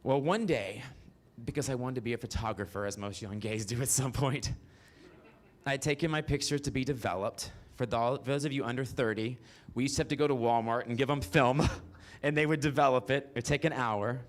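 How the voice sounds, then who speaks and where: A man's voice: medium pitch, fairly quick. Profane man telling his own story. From Mississippi. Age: 40s. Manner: frank and profane, with punchy asides to the audience. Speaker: solo performer. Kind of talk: autobiographical stand-up storytelling.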